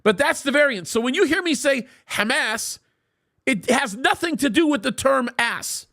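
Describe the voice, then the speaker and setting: A middle-aged man hosts a live talk show, and his voice sits unusually high with a gravelly edge. He speaks emphatically, doubling up words at the start of his sentences as he tells stories and explains his views. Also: animated, normal speed, bright, forceful tone. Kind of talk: live commentary and storytelling.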